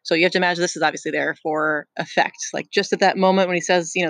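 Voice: mid-range voice, fairly even intonation, fast talker, gravelly, fairly bright tone, no echo, low-quality recording. A teacher reading a novel aloud to a class, adding chatty explanatory asides.

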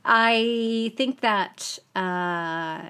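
A woman's voice: mid-range voice, drawn-out words, fairly bright tone, smooth. A woman co-hosting a podcast in casual group chat, blunt and laughing often, swearing freely. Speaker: podcast co-host.

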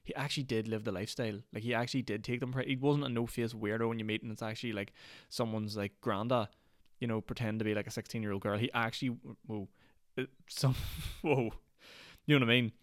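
A man's voice: mid-range voice, fairly even intonation, fast talker, dry recording, clean studio sound. A Northern Irish man hosting a solo podcast, rambling and ranty, with lots of "like" fillers. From Northern Ireland. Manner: rambling, ranty, heavy use of "like". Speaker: podcast host.

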